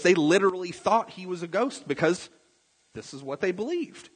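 A man preaching in a large church hall, his slightly raised voice carrying a husky edge. He is animated and conversational, putting questions to the congregation, and falls to quiet intensity on key points. The hall's long reverb trails every phrase. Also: high-pitched, normal speed. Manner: asks the congregation direct questions. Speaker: pastor. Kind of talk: sermon.

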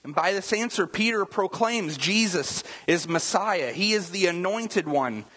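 A man's voice: sits high, animated, unhurried, fairly bright tone, husky, long reverb tail, rough recording. A man preaching a sermon, talking in a conversational way and often checking in with the listeners by asking "right?". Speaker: pastor.

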